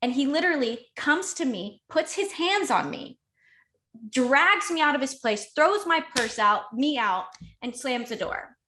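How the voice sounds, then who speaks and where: A woman guest on a podcast, telling a painful personal story in a candid, emotional, rushed way full of fillers. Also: high-pitched, very animated, bright, forceful tone, slight background noise. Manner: emotional, rushed, heavy use of "like".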